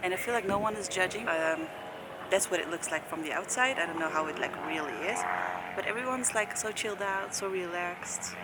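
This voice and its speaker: A woman's voice: medium pitch, a little fast, very noisy. A young woman with a Dutch accent, chatting casually in a travel vlog outdoors in a city, full of fillers and giggles. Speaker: vlogger. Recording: music playing over the voice.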